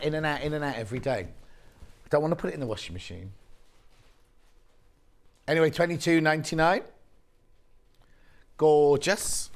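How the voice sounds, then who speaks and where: A woman presenting live on a TV shopping channel, chatting in a bubbly way and joking with the crew between product details. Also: sits low. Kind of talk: live TV shopping sales chat. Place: TV studio.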